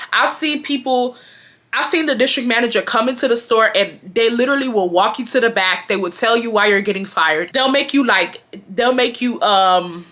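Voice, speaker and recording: A young woman from Houston, telling a storytime to her viewers in a slangy, emphatic, animated way. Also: a little high. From Houston, Texas. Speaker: YouTuber. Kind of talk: casual storytime vlog.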